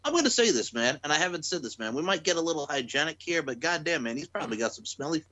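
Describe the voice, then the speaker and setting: A man co-hosting a wrestling podcast, loud and joking with crude humor and frequent laughter. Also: a little high, sing-song, fast talker. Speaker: podcast co-host. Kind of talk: casual podcast banter.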